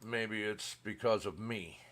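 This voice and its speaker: A man's voice: on the low side, measured pace, fairly bright tone, slight background noise. A man hosting a livestream in casual chat, hesitant and fumbling as he troubleshoots his setup. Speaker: livestream host.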